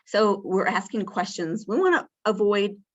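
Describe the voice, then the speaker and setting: With the highs cut off, the recording captures a woman at medium pitch speaking at normal speed with lively intonation. She's presenting an interactive training session on communicating with people with dementia, teaching in a warm, chatty way full of fillers. Her acted caregiver lines are bright and lifted.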